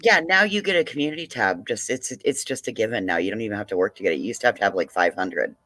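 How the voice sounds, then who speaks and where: A blunt, jokey guest on a livestream panel who swears freely and speaks in an ordinary pitch. The sound is dry and close. They talk in a loose, chatty way. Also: lively intonation, fast, fairly bright tone, no echo. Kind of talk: casual livestream chat.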